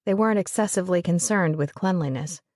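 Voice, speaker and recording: Low-voiced woman narrating a romance novel. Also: fast, darkish tone, dry recording, studio quality. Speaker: audiobook narrator.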